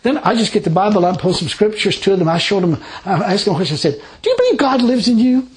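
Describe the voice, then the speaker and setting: A high-pitched man preaches in a casual, rambling way. He tells his own stories and keeps them animated, and he often laughs between lines. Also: quick pace, rough recording. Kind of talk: informal sermon with personal stories.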